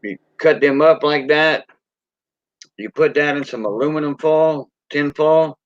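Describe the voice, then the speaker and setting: Slightly high-voiced and a little slow, this Cajun-accented livestream host rambles folksily and calls out viewers by name. The sound is dull, lo-fi and dry, with no echo.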